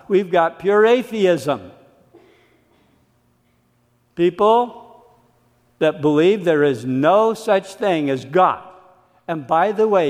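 A man preaching a sermon, emphatic and dramatic, acting out the voices of the people he quotes. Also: on the high side. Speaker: pastor. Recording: reverberant church hall.

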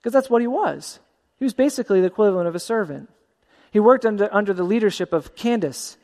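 A man preaching a sermon as a pastor, animated and acting out the voices of the people in his story. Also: high-pitched, quick pace. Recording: long hall reverb.

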